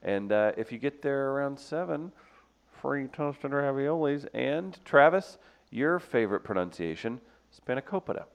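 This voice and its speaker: A man's voice: medium pitch, expressive, a little slow, creaky. A man hosting a live radio show, joking around in casual banter with his co-hosts. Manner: joking, laughs often, playful.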